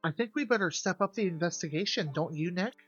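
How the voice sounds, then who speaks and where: A young adult streamer in casual let's-play commentary, reading game lines aloud and chatting to viewers with animated, swearing asides. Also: medium pitch, quick pace, muffled recording, faint music behind. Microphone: desk mic with gain adjusted.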